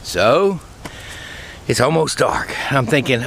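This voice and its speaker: A man with a slightly raised pitch chats casually outdoors about his bees. His storytelling is rambling and folksy, full of restarts. His voice has a faint squeak from the dry air. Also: expressive, moderate pace, fairly bright tone, slight background noise. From Louisiana, USA. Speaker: beekeeper. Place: outdoor bee yard.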